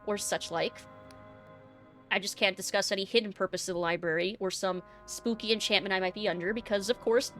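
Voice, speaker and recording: Woman reading a prim middle-aged librarian from a game, sweet-mannered and evasive, soft music under her. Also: medium pitch. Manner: sweetly polite, calls people dearie. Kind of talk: reading game dialogue aloud.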